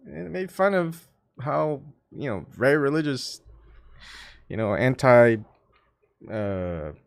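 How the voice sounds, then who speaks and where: A man's voice: mid-range voice, lively intonation, takes it slowly, vocal fry, dry recording, studio quality. A man hosting his own channel, chatting casually to his live-stream viewers in a rambling, self-mocking way with lots of fillers and restarts. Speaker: YouTube channel host.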